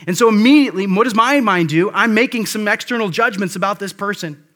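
A man's voice: sits high, fast, sharp tone. A male pastor delivering a conversational sermon, with frequent asides and restarts.

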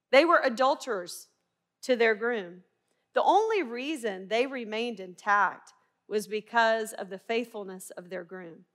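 A woman's voice: a little high, a bit bright. A middle-aged woman from Arkansas with a Southern twang, teaching the Bible earnestly and emphatically, often asking her listeners rhetorical questions. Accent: Southern American twang. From Arkansas, USA.

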